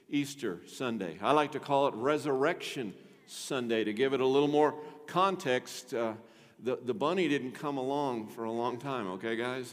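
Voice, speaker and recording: A man preaching an Easter sermon as pastor, swinging between loud emphatic peaks and hushed asides. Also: on the high side. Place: church sanctuary. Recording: long reverb of a large hall.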